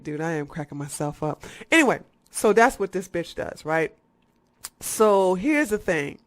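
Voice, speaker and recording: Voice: medium pitch, animated, no room sound. Profane, sarcastic ranting vlogger. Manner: talks fast in bursts. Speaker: YouTube commentator. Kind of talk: satirical ranting commentary.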